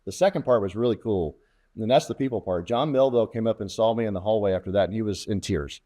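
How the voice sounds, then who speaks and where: A man's voice: on the low side, fast talker. A middle-aged man, a former fighter test pilot, telling war stories in a casual interview and acting out the quoted dialogue. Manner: lively storyteller who acts out quoted radio talk.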